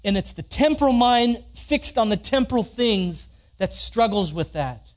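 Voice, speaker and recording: A man's voice: high voice, animated, unhurried. A man preaching a sermon, reading scripture aloud and leading the congregation in spoken responses. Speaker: pastor.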